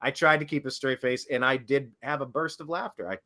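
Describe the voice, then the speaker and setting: A man's voice: medium pitch, a little fast, bright, forceful tone. A man co-hosting a political talk show, sarcastic and playful in his banter. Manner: playful, mock-serious, sarcastic. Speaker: co-host.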